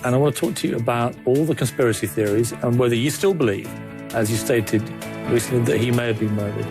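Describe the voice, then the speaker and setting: A man hosting a TV interview, asking brisk, direct questions. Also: medium pitch, over loud music.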